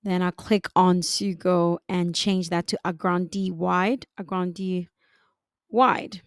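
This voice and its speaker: A woman narrating a screen-recorded design tutorial, giving unhurried step-by-step instructions. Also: lowish voice, flat delivery, clean tone, no echo, clean studio sound.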